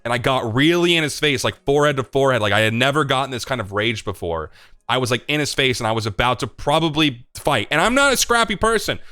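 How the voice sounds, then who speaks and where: A young man hosting a livestream, answering chat questions in rambling, confessional casual talk, swearing freely and filling pauses with "like" and "um.". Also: mid-range voice, expressive, pushed and bright, no room sound, clean studio sound.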